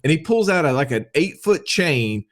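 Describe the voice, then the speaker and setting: A man telling a wild story as a podcast guest, excitable and quick to laugh, quoting people as he goes. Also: on the high side. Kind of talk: animated storytelling.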